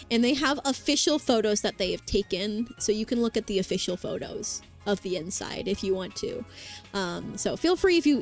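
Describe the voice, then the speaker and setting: A woman streamer chatting casually with her viewers, bubbly and rambling with lots of fillers. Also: a little high. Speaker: vtuber streamer. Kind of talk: casual chat with live chat. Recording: faint background music.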